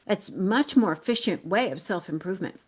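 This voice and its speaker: A woman's voice: mid-range voice, animated, fairly quick, husky. A woman hosting a group webinar, affirming participants with enthusiasm. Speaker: webinar host.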